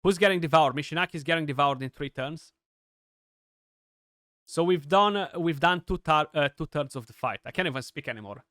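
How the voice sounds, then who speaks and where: Young man, gameplay commentary, bright forceful voice, dry close mic, excitable and chatty. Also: a little high, a little fast, dry recording. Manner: chatty, excitable, many restarts and fillers. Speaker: gaming streamer.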